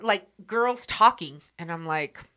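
A woman's voice: on the low side, lively intonation, takes it slowly, pushed and bright. A woman in casual chat as a podcast co-host, brash, blunt and profane.

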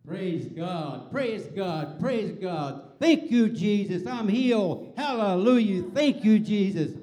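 A man playing a humble, devout healed leper in a church skit, praising slowly and fervently. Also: sits high, lively intonation, warm tone, full character voice. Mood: jubilant.

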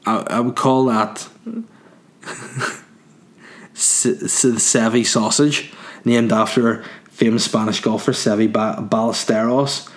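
A man's voice: on the low side, fairly even intonation, takes it slowly, pauses often. A man doing a crude, rambling comic monologue, answering listener questions and laughing at his own jokes.

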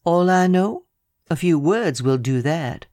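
This is an audiobook character reading: a narrator takes on a cool, businesslike young private secretary whose delivery stays low, steady and matter-of-fact. His pitch is ordinary, near an everyday voice, and he keeps a measured pace. The sound is dry, close and free of echo.

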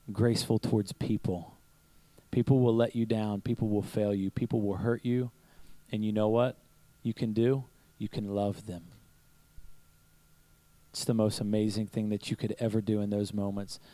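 A man's voice: on the low side, fairly even intonation, moderate pace, mellow, no echo, poor audio. A pastor preaching to his church in a conversational sermon, telling stories, asking rhetorical questions and chuckling now and then. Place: church service.

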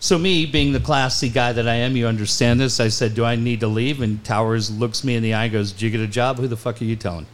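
Talking quickly with hardly any pauses, a man hosting a sports talk show spins a long, crude, laughter-filled story, laughing through quotes and delivering profane punchlines. His voice is mid-range, with a little hiss or hum on the recording.

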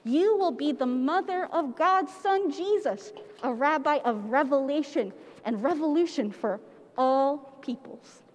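Woman voicing a soft, solemn angel Gabriel. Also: sits high, animated, in a large hall. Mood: solemn, gentle. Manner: soft, hushed, slow.

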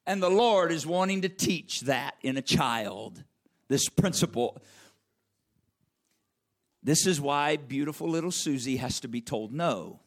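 A man's voice: fairly high pitch, expressive, unhurried. A male pastor preaching a sermon, emphatic and repetitive, calling on listeners by name. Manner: emphatic, repeats phrases, calls on listeners by name.

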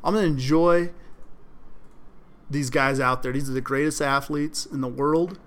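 A man hosting a solo sports podcast, talking in an animated, emphatic way and mocking fans' complaints. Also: medium pitch, a little slow. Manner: animated, emphatic, mocking quoted fans in exaggerated voices. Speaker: podcast host.

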